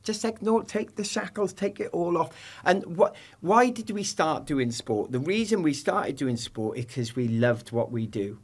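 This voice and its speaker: A middle-aged former sprinter talks as a guest on a podcast. His voice sits a little high for a man, and he tells stories with lively, jokey energy, slipping into the voices of the people he quotes. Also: a little slow, hardly any pauses. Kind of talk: animated storytelling in conversation.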